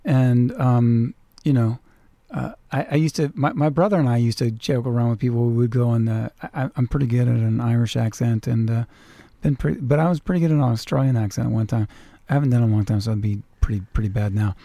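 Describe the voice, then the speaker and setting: A man hosting a casual radio chat in a studio, talking haltingly with lots of fillers. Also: medium pitch, gravelly, warm tone, no room sound. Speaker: radio show host.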